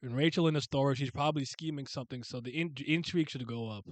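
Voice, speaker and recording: A man giving casual reaction commentary as a video host, excitable and often laughing and swearing. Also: mid-range voice, fast, no echo.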